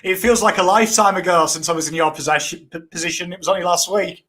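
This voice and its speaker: Dry, teasing Englishman with a high voice. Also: steady tone, fast, bright, forceful tone. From England. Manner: dry, teasing, says "I mean" often. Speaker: co-host. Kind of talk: casual footy banter.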